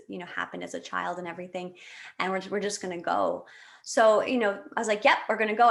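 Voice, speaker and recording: A woman's voice: medium pitch, a bit bright. Thirtysomething woman talking on a podcast, emotional, lots of ums and restarts. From Canada. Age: 30s. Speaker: podcast guest. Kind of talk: casual interview storytelling.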